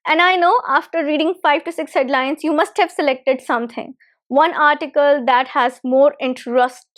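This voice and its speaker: A woman giving a spoken English lesson, walking learners through steps with patient, direct instructions and repeating her key points. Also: high-pitched. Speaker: English teacher.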